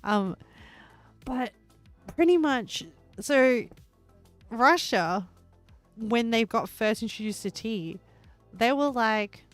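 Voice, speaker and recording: A woman livestreamer chatting casually while she builds in a game, rambling and excitable and laughing often. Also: on the high side, takes it slowly, pauses often, faint music behind.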